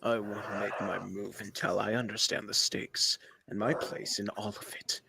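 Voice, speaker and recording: A man voicing a calculating male comic-book villain in a low, quiet voice. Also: level tone, normal speed, creaky, background noise. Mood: cold.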